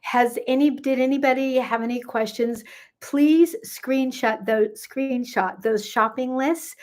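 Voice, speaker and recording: A woman's voice: high-pitched, measured pace. Chatty older woman on a phone livestream. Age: 60s, nearly seventy. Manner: chatty, greets viewers by name, rambling asides. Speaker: gut health coach. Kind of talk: casual livestream chat with viewers.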